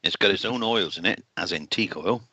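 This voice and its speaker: Co-host, male, lower voice, bright tone, casual joking banter. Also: fairly quick, slightly rough, dry recording, rough recording. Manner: joking, chimes in with opinions. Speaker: co-host on a livestream. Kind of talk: casual live-stream chat.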